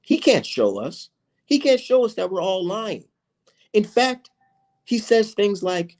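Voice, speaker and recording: A man's voice: sits high, big pitch swings, unhurried, a little mellow. A man from the United States, a channel host arguing in a heated online debate, combative and mocking, swearing freely.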